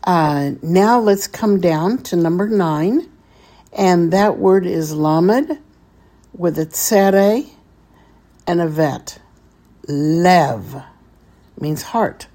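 A woman teaching a vocabulary lesson, deliberately spelling out each word and repeating it for practice. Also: lowish voice, mellow. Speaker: Hebrew teacher.

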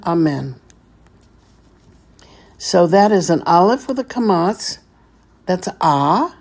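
A Hebrew teacher with a low, mellow voice gives a slow, patient vocabulary lesson. She breaks each word into pieces as she spells it, then repeats it so the listener can say it back.

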